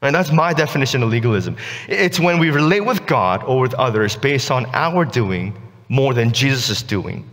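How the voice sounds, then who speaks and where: A male pastor giving a relaxed, conversational sermon, often checking in with "right?". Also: medium pitch, moderate pace, big-room sound. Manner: casual, keeps asking "right?". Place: church sanctuary.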